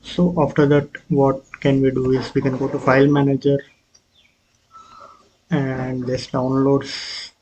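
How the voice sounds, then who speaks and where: Hesitant man with a flat delivery. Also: medium pitch, a little hiss or hum, rough recording. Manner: hesitant, halting, with frequent fillers and restarts. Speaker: presenter of his own app prototype. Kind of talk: casual screen walkthrough.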